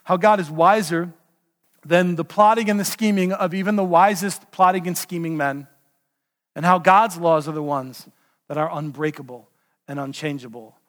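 A man preaching a sermon, retelling a Bible story in an animated way and putting direct questions to the congregation. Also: fairly high pitch, normal speed, big-room sound. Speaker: pastor.

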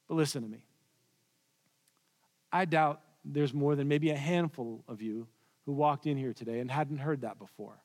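A man preaching a sermon in a church, telling the story with swings from loud to hushed. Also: mid-range voice, moderate pace, pauses often. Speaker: pastor. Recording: long reverb of a large hall.

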